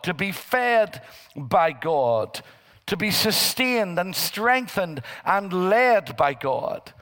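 Slow high-voiced male preacher in a hall. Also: a bit bright. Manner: preaching slowly, rising into emphatic quoted scripture. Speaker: pastor. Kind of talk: sermon. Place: church. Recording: church hall with long reverb.

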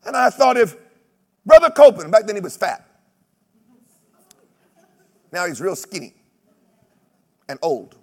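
A man preaching a sermon, telling stories with humor, mimicking other preachers and breaking into shouted exclamations. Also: high voice, measured pace, pauses often, big-room sound. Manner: animated storytelling with shouted exclamations.

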